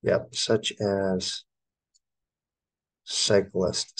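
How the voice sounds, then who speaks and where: A middle-aged American English teacher works through test answers, spelling each word out letter by letter. His voice is low and gravelly, with a husky edge. He speaks at an unhurried pace. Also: low-quality recording. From United States. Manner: slow, spells words letter by letter.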